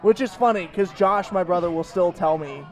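A man's voice: high voice, normal speed. A young man hosting a casual interview, joking and teasing his guests. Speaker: host.

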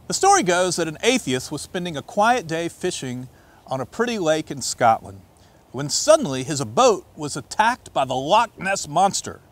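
A man preaching as a pastor, reading scripture aloud and telling stories in an expressive way, swinging between loud and hushed. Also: on the high side, moderate pace.

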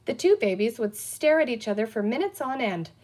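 A woman's voice: on the high side, a little fast. A woman reading a children's book aloud, telling it expressively. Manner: expressive storytelling. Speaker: reader.

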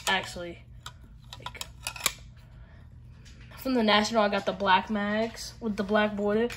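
A woman's voice: medium pitch, steady tone, a little slow, noisy background. A woman with a Southern US accent chatting casually to viewers while she opens card packs, with lots of fillers. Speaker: card-opening vlogger. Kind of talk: casual pack-opening chat.

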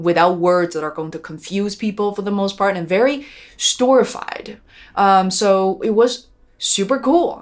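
Earnest woman telling a heartfelt story. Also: lowish voice. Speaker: documentary filmmaker and vlogger. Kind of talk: reflective personal vlog.

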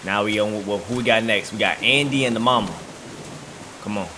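A man streaming a horror game, reacting loudly and talking along with the characters. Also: fairly low pitch, brisk, noisy background. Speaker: gaming streamer. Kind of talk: let's play commentary.

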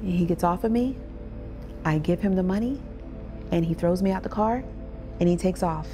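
A woman's voice: on the low side, moderate pace. A woman survivor telling her own story in an interview, vivid and personal, acting out what people said. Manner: vivid storytelling, acts out quoted voices. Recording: music bed underneath.

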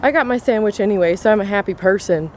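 A woman's voice: medium pitch, fast, a little hiss or hum. A young woman vlogging in a chatty, exasperated way, full of filler words. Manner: chatty, exasperated, many likes. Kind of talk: casual vlog chat.

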